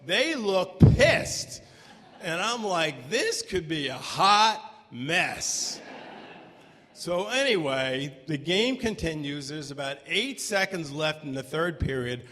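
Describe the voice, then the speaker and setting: A man telling a true story live on stage, animated and breaking into shouts at the tense moments. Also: sits high. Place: stage before a live audience. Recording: long hall reverb from a live venue.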